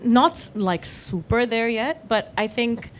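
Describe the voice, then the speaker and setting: A woman's voice: on the high side, expressive, slow. A woman in her thirties, a guest on a stage comedy show, chatting casually and laughing at herself. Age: 30s. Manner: laughing, self-mocking. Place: stage before an audience.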